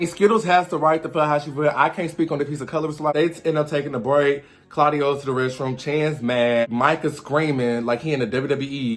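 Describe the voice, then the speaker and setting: A young man giving a lively, sassy recap of a reality show reunion, acting out the cast members' lines. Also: fairly high pitch. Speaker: commentary host.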